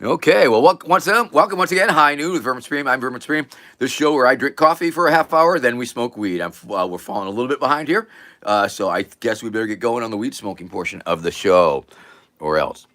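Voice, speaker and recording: A man's voice: medium pitch, quick pace, pushed and bright. A man hosting his own casual livestream chat show, rambling and joking as he talks. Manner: rambling, jokey, self-promoting. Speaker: host.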